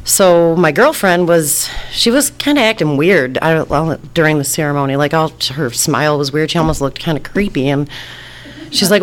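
A woman's voice: low voice, normal speed. A woman from Detroit casually telling a personal story, rambling, restarting her sentences and laughing often. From Detroit, United States. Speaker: storyteller recounting her past.

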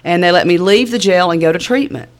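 On the lower side and fast-talking, this woman has a Southern US accent and a drawl. She relates her recovery story in a wry, relaxed, funny way with plenty of fillers.

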